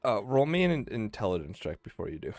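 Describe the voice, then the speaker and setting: A man's voice: on the low side, sing-song, fast, no room sound, faint music behind. A man acting as game master, narrating a tabletop game in a laid-back way with lots of fillers and chuckles.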